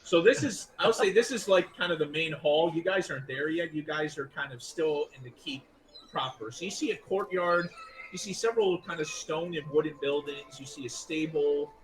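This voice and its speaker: A man's voice: on the high side, a little hiss or hum, poor audio. A man running a tabletop game as game master, narrating casually with restarts. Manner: casual, loose, with restarts and quick figure voices.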